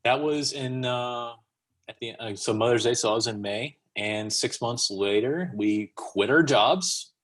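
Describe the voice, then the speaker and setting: A man speaking as a podcast guest, who tells his story casually and in an animated way, acting out what people said. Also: medium pitch, measured pace. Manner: animated, acts out quotes.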